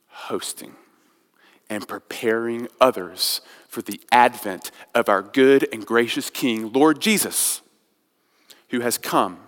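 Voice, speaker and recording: A man preaching a sermon as pastor, telling a story, swinging from quiet and slow to loud and raised. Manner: storytelling, builds from soft and slow to loud and high. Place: church sanctuary. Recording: long church hall reverb.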